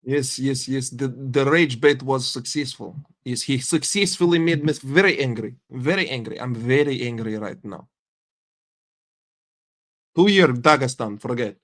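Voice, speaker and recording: An American man rants on a live stream about his football club. He swears freely and answers critics with heated sarcasm, in a middle-pitched voice. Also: measured pace, fairly bright tone. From United States. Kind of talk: profane live-stream rant.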